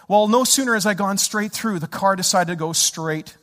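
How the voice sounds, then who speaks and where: High bright-voiced preacher in a reverberant hall. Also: male voice, moderate pace. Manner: animated storytelling, acts out his own shouting. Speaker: pastor. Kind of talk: sermon.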